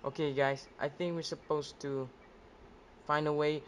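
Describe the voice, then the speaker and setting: A male gaming video host giving casual let's-play commentary, jumpy and excitable, yelping when scared. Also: a little high, measured pace, pauses often, slight background noise. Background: game music.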